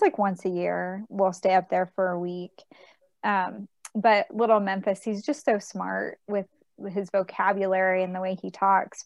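A woman's voice: mid-range voice, no room sound. Chatty woman telling family stories. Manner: chatty storyteller, laughs often. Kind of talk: casual chat.

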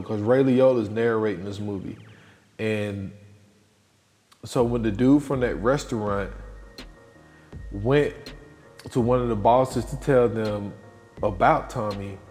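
Male podcast host, mid pitch, loose animated storyteller; reverberant room, faint music bed. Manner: loose, animated retelling with acted-out quotes. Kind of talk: casual film recap.

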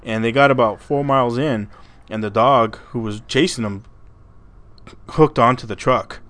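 A man's voice: medium pitch, normal speed, a bit bright, dry recording. A man hosting a podcast, telling a story in a rambling, casual way, stumbling over and repeating his words and swearing freely. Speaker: podcast host.

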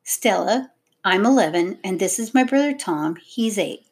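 A woman's voice: medium pitch, lively intonation, unhurried, a little mellow. Woman reading as a blunt young girl, curt, snappish, storybook. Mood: guarded. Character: blunt eleven-year-old girl.

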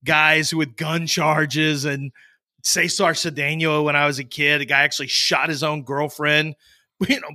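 A man hosting a casual chat, telling lively stories and acting out the people in them. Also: on the high side, unhurried. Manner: animated storyteller, acts out quoted voices.

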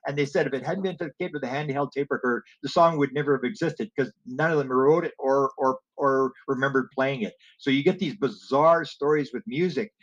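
A man's voice: mid-range voice, brisk, few pauses, fairly bright tone. Rambling storyteller man, dull audio. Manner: digressive storyteller, acts out quoted exchanges, many restarts. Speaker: guest telling stories about music and alien experiencers. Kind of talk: rambling anecdotal interview talk.

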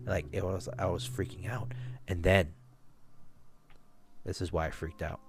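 A man's voice: low voice, little pitch movement, measured pace, slight background noise. A man hosting a podcast, telling a long rambling story in casual talk, with restarts and swearing. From Alaska. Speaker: podcast host.

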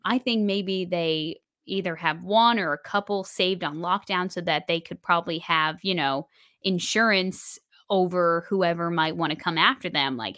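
A woman co-hosts a podcast, casually chatting through a spoiler-filled episode recap with plenty of fillers. Her voice is fairly low and fairly bright at a moderate pace, captured in a dry, clean studio recording.

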